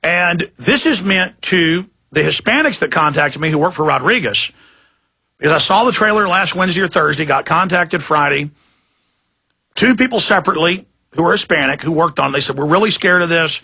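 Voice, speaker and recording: A man's voice: fairly high pitch, expressive, moderate pace, gravelly, pushed and bright, breathy edge. A man hosting a talk radio show, speaking in a heated, emphatic monologue and repeating words as he gets worked up.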